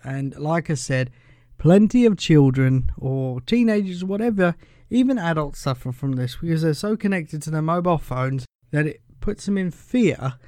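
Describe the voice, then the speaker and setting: A man's voice: fairly high pitch, warm tone, clear, resonant tone, no echo. A man hosting a casual solo podcast. He rambles in a chatty way, keeps saying "pretty much", and chuckles as he goes. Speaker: podcast host.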